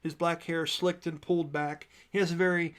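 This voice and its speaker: A man's voice: on the high side, flat delivery, normal speed, clean tone. A man narrating a tabletop game as game master, describing scenes at length with frequent fillers.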